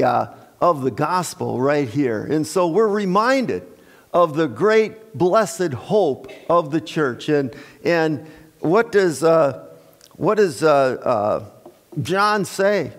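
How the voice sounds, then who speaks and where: A man preaching a Sunday sermon as pastor, unhurried and folksy, with restarts, fillers and joking asides to his congregation. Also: fairly high pitch. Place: church sanctuary. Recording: long church-hall reverb.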